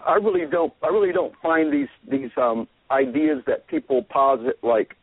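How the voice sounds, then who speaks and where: A man's voice: a little high, husky, dry recording. Man rambling over a tinny line. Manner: rambling, halting with many fillers and restarts. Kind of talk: casual opinion monologue.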